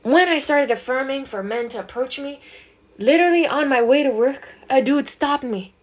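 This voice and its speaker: A woman's voice: high voice, moderate pace, dull audio, slight background noise. A woman vlogger ranting casually and emphatically, cursing often and rambling as she talks. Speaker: manifestation vlogger.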